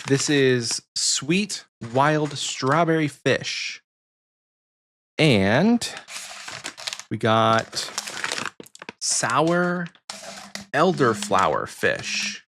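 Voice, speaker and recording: An American man co-hosts a podcast in a mid-range voice, chatting casually and rambling with lots of ums. Background noise can be heard.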